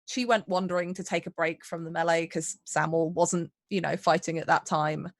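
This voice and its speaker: A woman's voice: on the low side, steady tone, moderate pace, no echo, clean studio sound. A woman playing her character in a tabletop game, thoughtfully describing the character's feelings and actions. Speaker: player.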